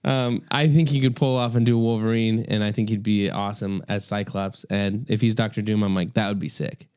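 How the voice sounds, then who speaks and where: A man's voice: on the low side, fairly even intonation, brisk, a little mellow, clear, resonant tone. A man hosting a podcast, running through news in a loose chat with many fillers. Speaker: podcast host. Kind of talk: casual chat.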